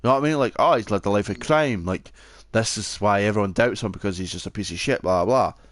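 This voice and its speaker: A man's voice: fairly low pitch, quick pace, no room sound, clean studio sound. A young Scottish man co-hosting a podcast, in casual, sweary chat on a headset microphone. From Scotland. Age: young adult. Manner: sweary, laid-back, yawning. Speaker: podcast co-host.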